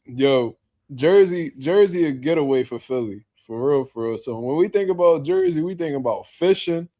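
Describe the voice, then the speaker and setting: A man's voice: mid-range voice, animated, moderate pace, warm tone. A man hosting a boxing talk show, reacting in laid-back casual chat with lots of laughter and slang.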